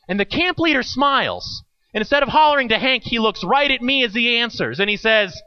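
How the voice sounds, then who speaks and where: Lively high-voiced preacher, dull sound. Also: male voice. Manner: storytelling with acted quotes and dramatic pauses. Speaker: pastor. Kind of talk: sermon.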